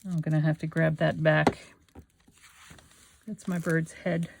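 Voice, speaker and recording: A woman hosting a craft channel thinks aloud and talks to herself as she glues and assembles a collage, a casual talk-through of her work. Her low, creaky voice barely moves in pitch and runs a little slow, with a noisy background behind it.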